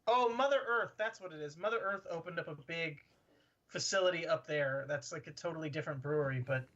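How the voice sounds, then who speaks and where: A man's voice: fairly high pitch, brisk, a bit bright, dull audio. A man from Southern California co-hosting a podcast, easygoing in casual chat and trailing off while searching for words. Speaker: podcast co-host.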